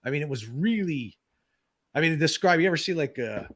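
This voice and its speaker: Man, fifties, podcast guest, halting storyteller, stumbling restarts. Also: on the high side, lively intonation, fairly bright tone. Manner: halting, many restarts and repeats. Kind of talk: recounting a personal experience.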